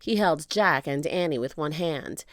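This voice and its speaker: A woman narrating a children's book aloud with expressive storytelling. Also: sits low, measured pace, no room sound, clean studio sound.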